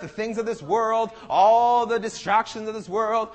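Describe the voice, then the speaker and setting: A man's voice: high voice, steady tone, measured pace. A young man preaching an impassioned, emphatic sermon at a church service, often repeating his phrases. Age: young adult.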